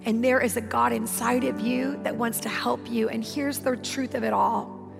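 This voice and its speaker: A woman's voice: on the high side, fairly even intonation, normal speed, gravelly. A woman pastor preaching a sermon, telling a personal story in an emphatic, conversational way with repeated phrases. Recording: long hall reverb with music behind.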